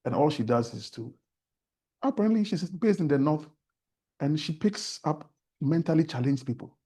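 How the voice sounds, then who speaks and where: A Ghanaian man speaks as a talk-show guest, turning his stories into earnest preaching about faith. His voice is mellow and soft, with a slight husk to it. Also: fairly high pitch, expressive, moderate pace, breathy edge.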